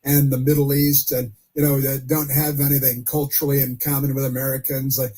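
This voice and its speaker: A man's voice: medium pitch, monotone, brisk, mellow. A man hosting a political call-in radio show, chatty, chuckling and often repeating himself. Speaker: radio talk show host.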